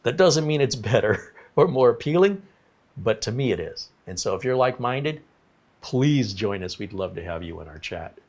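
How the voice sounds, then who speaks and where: A man's voice: mid-range voice, sing-song, normal speed, a little mellow. A man hosting a casual livestream, talking in a rambling, apologetic way and reading viewer comments aloud. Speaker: livestream host.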